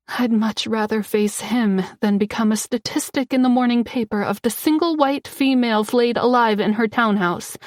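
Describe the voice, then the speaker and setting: A woman's voice: medium pitch, darkish tone, slightly rough, dry recording, clean studio sound. A woman reading a first-person romance thriller audiobook, tense and dramatic, often dropping to a whisper. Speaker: audiobook narrator.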